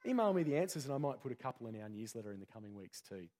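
A pastor giving a conversational sermon full of rhetorical questions. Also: male voice, medium pitch, sing-song, rapid-fire, warm tone.

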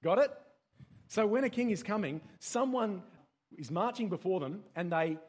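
A man's voice: sits high, animated, moderate pace, a little mellow, slightly rough. A man with an Australian accent giving a playful, interactive teaching talk to a group, quizzing his listeners and getting them to repeat key words.

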